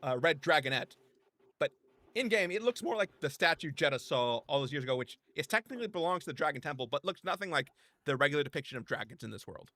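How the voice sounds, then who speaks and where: A man narrating as game master and voicing characters, hesitant, with frequent pauses and restarts. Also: fairly high pitch, animated, pushed and bright, no room sound.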